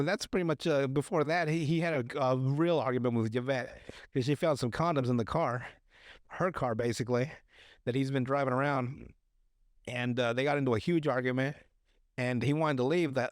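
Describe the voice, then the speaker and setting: A man on a podcast casually recapping a movie, profane and animated, acting out the characters' lines as he goes. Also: medium pitch, no echo, studio quality. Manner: profane, animated retelling with acted-out quotes. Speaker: podcast host.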